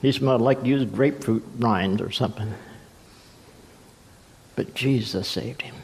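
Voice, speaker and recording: Casting: male pastor, mid-pitched voice, storytelling sermon in a church hall with a long echo. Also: a little slow. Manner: storytelling, acts out voices with swings in pitch and pace. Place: church sanctuary.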